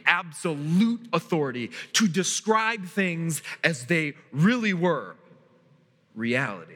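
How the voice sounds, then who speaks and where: A man preaching a sermon as pastor, emphatic, with dramatic pauses and repetition. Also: fairly high pitch, big pitch swings, fairly bright tone, long reverb tail.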